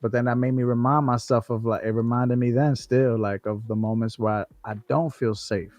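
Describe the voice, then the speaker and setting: A man's voice: mid-range voice, fairly even intonation, brisk, a little mellow, no room sound. A man co-hosting a livestream, talking casually in slang with swearing and frequent restarts. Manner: slangy, profane, many restarts and "bro". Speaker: co-host.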